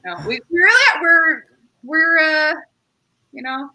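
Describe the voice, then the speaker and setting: A woman's voice: very high-pitched, measured pace, bright, forceful tone, low-quality recording. A young woman doing a stand-up comedy set, rambling and self-deprecating, with lots of fillers and acted-out voices. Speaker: stand-up comedian and show host.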